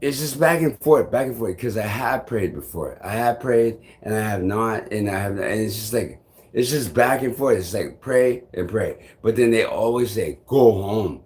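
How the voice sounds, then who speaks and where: Young male vlogger, slightly low voice, halting and rambling, casual live-stream chat. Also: a little mellow. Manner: rambling, halting, swears often, many fillers.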